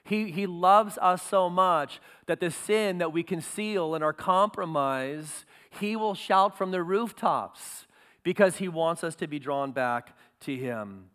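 Pastor guy preaching, smooth resonant voice, a bit high, gets loud and emphatic. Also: slow, in a large hall. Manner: earnest preaching, rising to emphatic peaks. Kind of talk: sermon.

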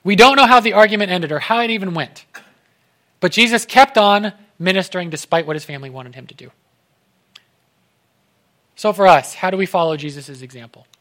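A young man preaching a casual sermon in an animated way, acting out the voices of the people he quotes. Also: high voice, fairly quick, pauses often.

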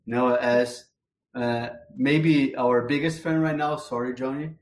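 A man's voice: mid-range voice, steady tone, unhurried, reverberant. A man co-hosting a casual motorsport podcast, teasing and rambling with restarts. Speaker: podcast co-host. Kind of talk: casual chat.

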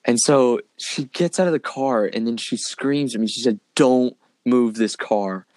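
A young man tells a long personal story in casual chat, rambling and leaning heavily on fillers like "like" and "dude." His medium-pitched voice is a little mellow at a moderate pace, with no room sound.

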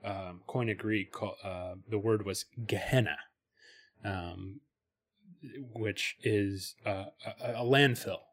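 A male podcast host in easygoing conversation. He talks at length in a fairly low voice, full of "um"s and restarts. Now and then he slips into reading a passage aloud. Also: takes it slowly, a bit bright. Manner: talkative, many fillers and restarts, reads passages aloud. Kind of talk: casual chat about spirituality.

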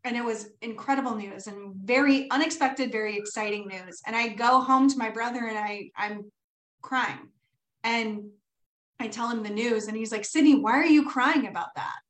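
A woman's voice: fairly high pitch, steady tone, normal speed, a bit bright, roomy sound, rough recording. A woman hosting a podcast in casual chat, candid, swearing freely and laughing often. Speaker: podcast host.

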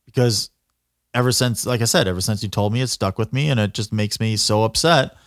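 A man hosting a casual chat, reacting in a relaxed way and laughing along. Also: fairly low pitch, a little fast, no echo, clean studio sound. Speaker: podcast host.

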